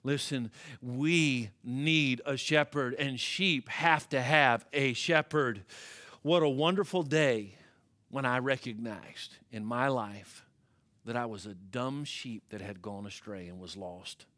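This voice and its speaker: A preaching man with a bright forceful voice. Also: medium pitch, slow. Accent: American. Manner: preaching with big swings from hushed to loud. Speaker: pastor. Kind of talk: sermon. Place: church sanctuary.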